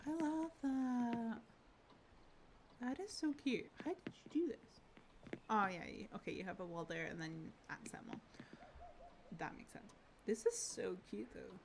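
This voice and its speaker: A young Scottish woman streaming a cozy game, gushing and excitable, often trailing off into fillers. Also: fairly low pitch, background noise. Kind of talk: casual gaming livestream chat. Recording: game music playing underneath.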